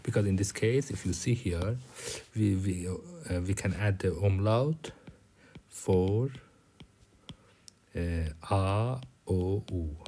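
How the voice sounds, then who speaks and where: Slow, halting man teaching German. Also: low-pitched, mellow, a little hiss or hum. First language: Persian. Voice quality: drops to a whisper at times. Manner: halting, many fillers and restarts, switching between German and English. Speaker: language teacher. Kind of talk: recorded German lecture.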